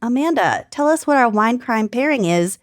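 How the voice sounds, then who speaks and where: A woman's voice: on the high side, animated, normal speed, no room sound, clean studio sound. A woman with a Minnesotan accent co-hosting a podcast in casual chat, laughing often and swearing casually. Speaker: podcast co-host.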